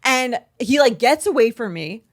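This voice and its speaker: A young adult woman co-hosting a podcast, telling a rambling, animated story full of "like" in casual chat. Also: fairly high pitch, normal speed. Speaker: podcast co-host.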